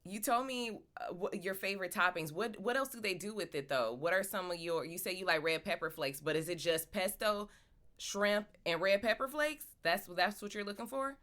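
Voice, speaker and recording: A woman hosting a podcast, asking questions in an animated way and laughing often. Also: mid-range voice, normal speed. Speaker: podcast host. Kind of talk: casual chat.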